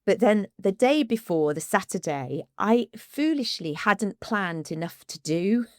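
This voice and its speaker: A woman, an ADHD coach co-hosting a podcast, talking casually and with emotion, often halting and restarting. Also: mid-range voice, expressive, no room sound, studio quality.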